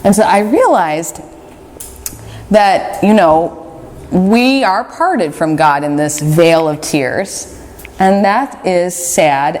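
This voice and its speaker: Woman retreat speaker, lowish voice, candid and chatty, long hall reverb. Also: darkish tone. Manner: candid, conversational storytelling with fillers. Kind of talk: spiritual talk to a group.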